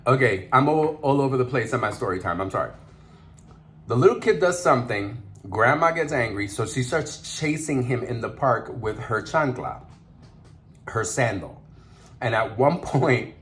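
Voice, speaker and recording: A man's voice: mid-range voice, a little hiss or hum. A man vlogger eating on camera while telling a story, chatty and laughing, mixing in Spanish words. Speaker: mukbang vlogger.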